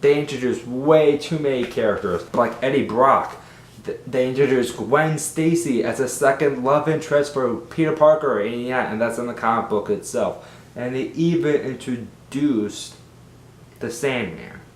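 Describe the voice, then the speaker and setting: A man giving a casual, rambling film review, animated and exasperated. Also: measured pace. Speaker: movie reviewer. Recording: roomy with faint rumble.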